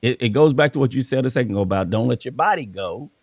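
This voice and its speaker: A man's voice: medium pitch, animated, fast talker, a little mellow, dry recording, studio quality. A man hosting a casual conversation, telling stories from his work as a coach and acting out the dialogue. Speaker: podcast host and school coach.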